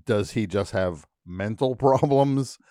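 A man with a lowish voice chats casually in a radio studio, telling a story with real animation. He keeps dropping into goofy impressions and mock accents for the bits. The mic is close and the sound is dry, with no room around it. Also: slow pace, warm tone, no room sound. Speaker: radio show host. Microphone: studio microphone.

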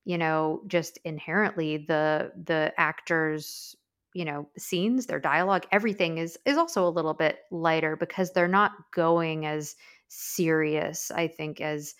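A woman with a slightly low voice co-hosts a podcast. She talks casually and thinks aloud as she goes, often using "you know" and "like." Her delivery rambles in a thoughtful way. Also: fairly even intonation, unhurried, fairly bright tone, clear, resonant tone. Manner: thoughtful, rambling, many fillers. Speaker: podcast co-host. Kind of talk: casual chat.

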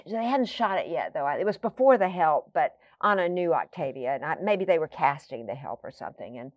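Woman, low pitch, rambling storyteller, many fillers, dry muffled audio. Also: lively intonation, fairly quick, no echo. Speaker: guest. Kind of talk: conversational storytelling.

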